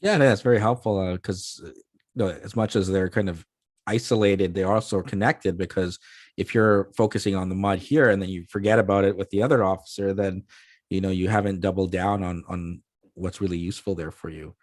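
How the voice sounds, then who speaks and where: A man's voice: low-pitched, fairly even intonation, brisk, no echo, studio quality. A man hosting an interview, asking long, rambling questions with many fillers. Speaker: host, interviewer.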